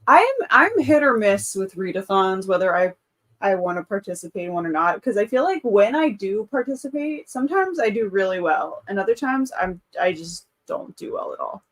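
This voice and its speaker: Brief: woman, 30s, livestream host, casual and chatty, mid-range voice. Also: mid-range voice. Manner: chatty, reads out chat comments, frequent laughs. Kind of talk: casual live-stream chat.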